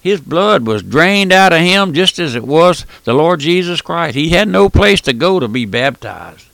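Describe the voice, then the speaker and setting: A man's voice: on the high side, sing-song, a little slow, vocal fry, fairly bright tone, dry recording. Old-time radio preacher guy, folksy and emphatic, voice swings way up and down, dry close sound. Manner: folksy, emphatic, full of rhetorical questions.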